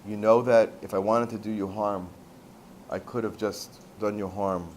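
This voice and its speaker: Male storyteller voicing a falsely accused young man; earnest, quiet plea. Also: fairly low pitch, fairly even intonation, normal speed, a little hiss or hum, lightly acted. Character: young man pleading innocence before a king.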